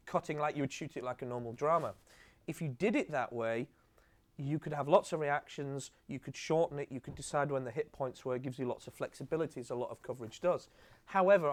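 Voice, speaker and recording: A man, a TV comedy director, telling lively anecdotes in an on-stage conversation and acting out the quotes. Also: medium pitch. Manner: lively storyteller, acts out quotes, swears casually. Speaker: TV comedy director giving a masterclass.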